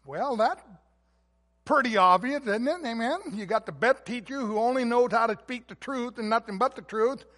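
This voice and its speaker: High-voiced man preaching in a reverberant hall. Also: normal speed. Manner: emphatic preaching, swells louder on key words. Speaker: pastor. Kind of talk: sermon.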